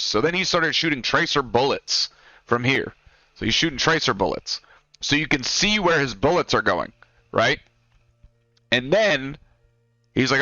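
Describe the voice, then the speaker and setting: A man's voice: mid-range voice, expressive, moderate pace, sharp tone, no echo. Profane man telling a war story. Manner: rambling, profane, pointing at a drawn map. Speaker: former Marine storyteller. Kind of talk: casual spoken storytelling. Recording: dry, dull lo-fi sound with faint music.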